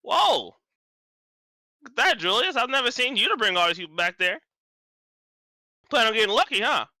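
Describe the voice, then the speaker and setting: A man voicing a boisterous, crude male goliath who teases loudly. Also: very high voice, big pitch swings, normal speed, no room sound, studio quality, pitched above the performer's own voice, full character voice. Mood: teasing. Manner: loud, teasing, boisterous.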